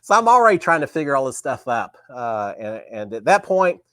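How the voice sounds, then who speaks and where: Male host, middle-pitched, lively storyteller who acts out quotes. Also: brisk, dry recording. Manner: animated, acts out remembered dialogue. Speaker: host of a live talk show. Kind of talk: casual storytelling.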